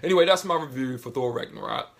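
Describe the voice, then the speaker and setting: A man talks through a movie review in a loose, rambling way, leaning on filler phrases and restarting his sentences. His voice is husky and a little breathy, sitting at an ordinary middle pitch. The delivery is casual and unscripted. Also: expressive, fast.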